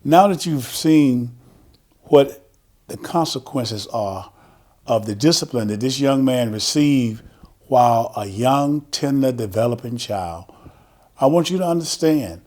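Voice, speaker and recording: A male host speaking slowly and deliberately, addressing viewers with a reflective message. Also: medium pitch, a little mellow. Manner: slow, deliberate, instructive. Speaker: host, narrator.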